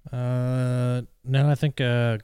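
Male podcast co-host, deep mellow tone, clear, terse and easygoing, dry sound. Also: level tone, extremely slow, dry recording. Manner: laid-back, terse, swears casually. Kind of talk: casual chat.

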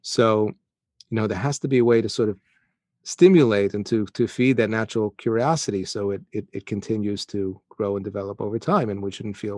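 A man interviewing a guest, reflecting thoughtfully and tentatively, with many pauses and fillers. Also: fairly low pitch, darkish tone, no echo, studio quality. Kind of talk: conversational interview.

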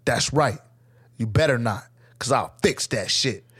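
A man's voice: mid-range voice, a little slow, a bit bright, slightly rough, voice pushed down. A man voicing a stern male army drill sergeant who berates and threatens recruits in a barking, threatening way. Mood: menacing.

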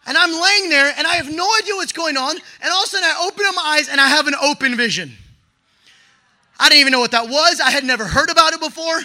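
A young man telling a personal testimony in an excitable, slangy way, often breaking into shouts. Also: very high voice, fast. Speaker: storyteller sharing a testimony.

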